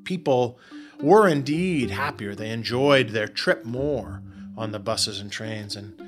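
A man being interviewed as a researcher, explaining his findings in an animated way and often restarting words. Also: medium pitch, slow pace, music in the background. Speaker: guest researcher. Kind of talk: interview answers.

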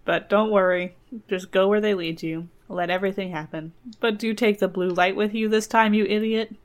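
A gruff, exasperated dwarf from a fairy tale snaps at his master, played lightly by a woman. He talks in a mid-range voice, fast and blunt. The tone stays impatient and matter-of-fact. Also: medium pitch, fairly even intonation, lightly acted. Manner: exasperated, calls the listener an idiot.

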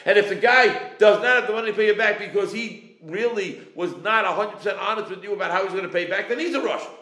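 A man's voice: sits high, fast talker, pushed and bright. A man in his forties teaching a Talmud class, acting out creditor and debtor exchanges. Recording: echoey room.

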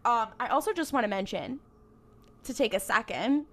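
A woman co-hosting a casual podcast, retelling episode scenes in a loose, rambling way. Her voice sits a little high, and she keeps dropping fillers and acting out bits of dialogue. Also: normal speed. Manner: rambling, animated retelling with many fillers and acted quotes. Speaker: podcast co-host. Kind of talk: casual chat recapping a TV episode.

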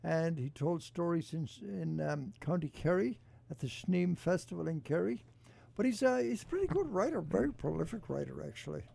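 Gravelly high-voiced male radio host. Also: expressive, mellow. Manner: chatty, halting with restarts. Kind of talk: casual radio chat and read ad. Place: radio studio.

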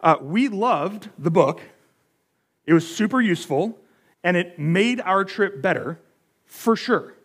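A man's voice: sits high, expressive, takes it slowly, a bit bright, slightly rough. An American man giving a sermon, telling a story in a chatty, self-deprecating way with many fillers. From United States. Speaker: pastor.

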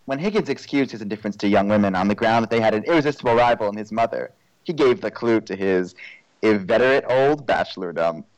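A man's voice: lowish voice, animated, fast talker, no echo, rough recording. A man chatting casually with a co-host about a musical, asking wry, joking questions. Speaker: podcast co-host.

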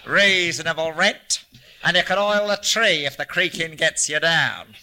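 A blustering, taunting old man of the outback, as a male narrator puts him on. The voice rides higher and louder than the reader's own, bright and brash. Every line jabs and teases, in a storybook reading. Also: unhurried, smooth, exaggerated voice. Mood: boisterous. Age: older. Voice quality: boisterous, mocking.

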